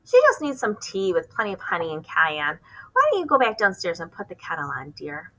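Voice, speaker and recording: A woman reading aloud voicing a fussy, sharp-tongued elderly auntie who gives curt orders. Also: fairly low pitch, huge pitch swings, brisk, exaggerated voice, rough recording. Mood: bossy. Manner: dry, bossy, curt.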